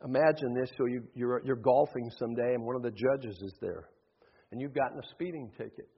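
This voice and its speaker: A man preaching a sermon as pastor, acting out voices in his stories and swinging between loud calls and hushed asides. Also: medium pitch, brisk, slightly rough. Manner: acts out voices in stories, shifts between shouting and hushed tones. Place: church sanctuary. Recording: dull sound, long hall reverb.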